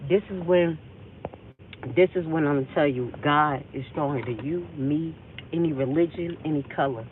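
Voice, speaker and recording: A woman host telling an emotional personal story on a livestream, rambling and acting out the conversations she remembers. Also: fairly low pitch. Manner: intense, rambling, acts out remembered dialogue. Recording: tinny phone-like audio.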